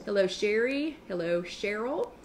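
A woman with a Southern US accent hosting a live online chat, talking fast and chatty with quick asides as she greets viewers. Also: medium pitch, lively intonation, slight background noise.

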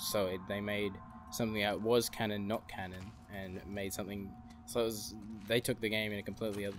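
Young male gamer, casual commentary, low voice, chatty asides, noisy recording. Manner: chatty, swears, rambling asides. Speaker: gaming youtuber.

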